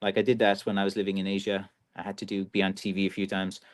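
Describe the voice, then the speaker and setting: A man's voice: deep voice, monotone, fast. A man with a Kerry Irish accent hosting a live stream, chatting casually and reading out viewer comments with rambling restarts and lots of fillers. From Ireland.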